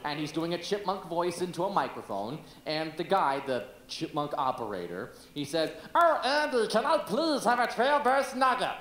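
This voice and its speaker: A man's voice: high-pitched, very animated, moderate pace, hardly any pauses, a bit bright, echoey room. A man playing a defensive young TV actor, exasperated and sarcastic, on an amateur stage.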